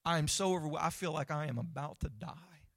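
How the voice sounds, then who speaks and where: A man voicing an overwhelmed man praying to his father, quiet and earnest. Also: fairly high pitch, brisk, vocal fry, no room sound, studio quality. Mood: pleading.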